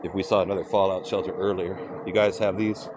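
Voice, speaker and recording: Older man, low voice, rambling livestream chat, walking outdoors, faint street noise. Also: flat delivery, quick pace. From California. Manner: rambling, chatty, reads out viewer names. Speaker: livestream host.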